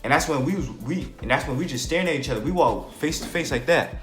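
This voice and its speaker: A young New Jersey man vlogs a casual storytime in a fairly high, fairly bright, expressive voice at a quick pace. He rambles in slang, dropping "bro" and "like" constantly, in a roomy space with faint music behind him.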